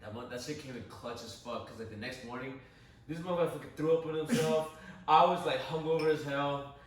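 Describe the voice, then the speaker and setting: A man's voice: medium pitch, fairly quick, a little hiss or hum. Young man, casual storytelling, rambling, profane, echoey room, distant mic. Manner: rambling, profane, laughing often, repeats "I was like". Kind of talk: casual storytelling among friends.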